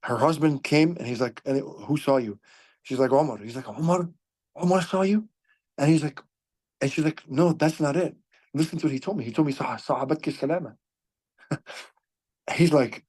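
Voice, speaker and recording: A man hosting a podcast, retelling religious history as a lively story, acting out the quoted dialogue and reciting Arabic phrases along the way. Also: medium pitch, moderate pace, long pauses. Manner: frequent restarts and repeated words. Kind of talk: storytelling lecture.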